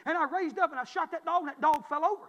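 A man, preaching a sermon through a folksy personal story that swings from loud to hushed. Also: very high voice, fast, in a large hall, highs cut off. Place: church.

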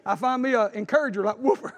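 High, lively preacher in a reverberant church. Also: male voice, fast. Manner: impassioned, rising to fervent exclamations. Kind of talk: sermon. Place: church sanctuary.

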